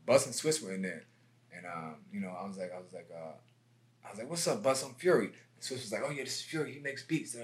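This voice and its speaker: Animated male music producer telling stories. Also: on the low side. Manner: animated, acts out quotes with raised voice. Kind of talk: casual storytelling interview.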